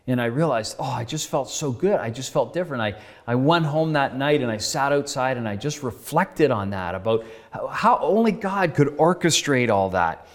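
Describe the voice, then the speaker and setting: A man's voice: medium pitch, expressive, normal speed. A male pastor tells a story in his sermon, earnest and conversational, acting out the dialogue. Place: church sanctuary. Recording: reverberant church hall.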